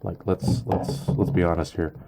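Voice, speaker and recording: A man giving a casual product review, halting and full of ums and uhs. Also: low-pitched, steady tone, vocal fry, heavy background noise. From Canada. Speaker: knife reviewer.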